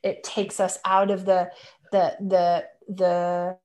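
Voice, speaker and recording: A woman talking as a podcast guest in casual conversation, reflective and gentle, with many fillers like "like" and "right?". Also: on the low side, little pitch movement, slow pace.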